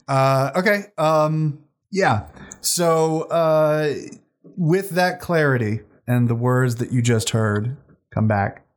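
A man running a tabletop game as game master, relaxed and often laughing. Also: on the high side, takes it slowly.

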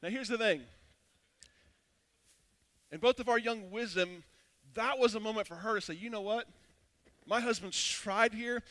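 A man in his thirties preaching a sermon, casual and animated, telling a personal story with frequent restarts. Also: sits high, measured pace, pauses often. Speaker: pastor.

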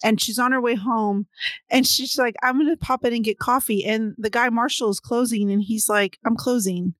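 A woman's voice: on the high side, steady tone, normal speed, no echo, studio quality. A woman in casual chat about a book, retelling scenes animatedly and acting out the characters' lines.

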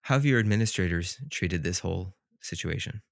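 A man's voice: low voice, expressive, brisk, creaky, no echo, studio quality. A man hosting a show, asking interview questions in a friendly, teasing way.

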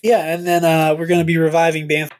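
A man's voice: fairly high pitch, completely flat delivery, fast talker. A man hosting a podcast in casual chat, rambling and stammering, swearing now and then. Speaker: podcast host.

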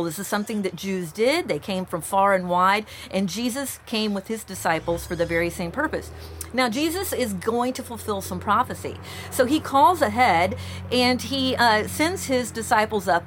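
A woman pastor giving a conversational sermon, telling stories in an animated way to a remote congregation. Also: medium pitch, slight background noise. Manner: warm conversational preaching, animated storytelling. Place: church, recorded outside usual sanctuary.

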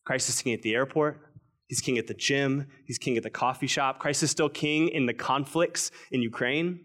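A man in his thirties preaching a sermon, slowing down and dropping his voice to stress key lines. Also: medium pitch. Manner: earnest preaching, stretches key phrases slowly, drops quiet for emphasis. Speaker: pastor.

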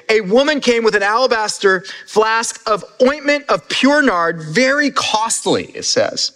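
Male pastor, high-pitched, conversational sermon with restarts; reverberant hall. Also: fairly bright tone. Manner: conversational, repeats words when building a point.

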